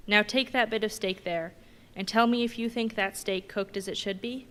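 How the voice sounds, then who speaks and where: A woman reading the lines of a domineering male ship's mate in a brisk, bossy questioning manner. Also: mid-range voice, fairly even intonation, a bit bright, natural voice. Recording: long reverb in a big hall.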